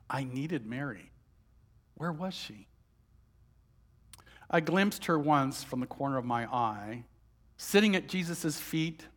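Slow, emotional male storyteller. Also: fairly high pitch. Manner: emotional, swings between hushed and heated. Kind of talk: first-person dramatic monologue.

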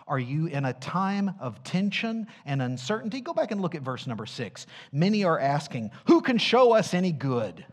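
Animated, slow-preaching man pastor. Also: mid-range voice. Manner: emphatic preaching with call-and-response questions, dropping to hushed tones. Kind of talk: sermon.

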